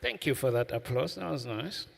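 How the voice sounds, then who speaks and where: A man's voice: mid-range voice, expressive, normal speed, vocal fry. A man hosting an event, chatting loosely with many fillers. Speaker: event host. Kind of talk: casual hosting.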